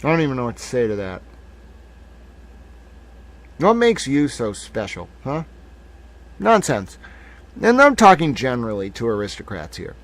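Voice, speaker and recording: A man's voice: mid-range voice, huge pitch swings, moderate pace, long pauses. A man in his thirties hosting a live stream, ranting in a heated, profane way. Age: 30s. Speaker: livestream host.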